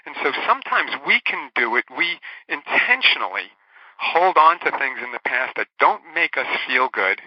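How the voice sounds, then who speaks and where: A man's voice: medium pitch, big pitch swings, normal speed. A man, an author and guest, talking earnestly in a casual interview, explaining ideas and telling a story. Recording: dull dry lo-fi audio.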